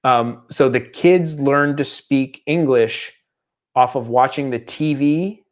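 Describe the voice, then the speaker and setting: A man's voice: medium pitch, takes it slowly. Chatty middle-aged man co-hosting a podcast. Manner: animated storyteller, slips into mock accents. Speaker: podcast co-host. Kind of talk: casual chat.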